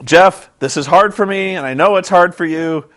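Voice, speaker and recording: Man doing a calm, pleading executive, low and soothing. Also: moderate pace. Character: calm smooth-talking male wrestling executive.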